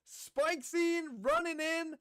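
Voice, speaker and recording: A man co-streaming an esports match, giving goofy mock play-by-play full of loud exclamations and rambling comic comparisons. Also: extremely high pitch, little pitch movement, slow pace, a little hiss or hum. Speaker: co-streamer commentator.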